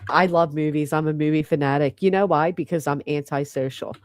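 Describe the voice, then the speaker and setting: A woman's voice: low voice, fairly even intonation, a little fast, darkish tone. A woman chatting casually on a livestream, rambling and heartfelt as she thanks her host. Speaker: livestream guest.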